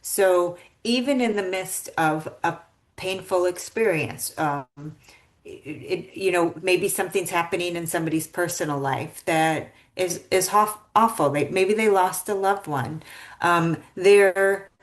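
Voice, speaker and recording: A woman's voice: fairly low pitch, unhurried. A woman hosting a podcast interview, reflective and thoughtful in how she talks. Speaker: podcast host.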